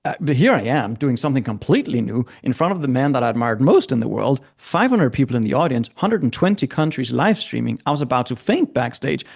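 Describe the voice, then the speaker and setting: Lively gravelly-voiced man telling stories. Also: medium pitch, fast talker, hardly any pauses. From Scandinavia. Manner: lively, acts out quoted voices. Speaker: guest, transformational coach. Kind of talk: animated storytelling.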